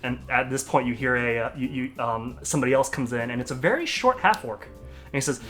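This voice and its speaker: A young man narrating as dungeon master, talking in a halting way with many fillers and restarts. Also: medium pitch, a bit bright, faint music behind. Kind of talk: narrating a tabletop game.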